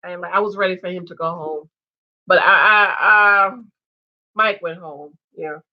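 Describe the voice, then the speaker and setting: A woman casually recapping a dating show, animated and quick to act out what the cast said. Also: fairly low pitch, dull audio. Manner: animated, mimics the cast in quotes. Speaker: show reviewer.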